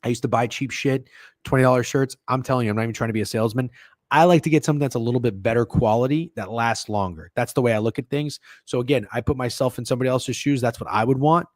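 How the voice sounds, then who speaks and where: This sports betting stream host talks fast in a mid-range, slightly mellow voice. He keeps the casual livestream chat loose and profane, joking with viewers, and the studio-quality sound has no room sound.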